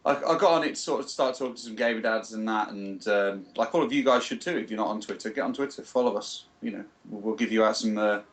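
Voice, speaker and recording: A man's voice: fairly low pitch, fast, hardly any pauses. A man co-hosting a gaming podcast in casual chat, blunt and swearing freely. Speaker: podcast co-host.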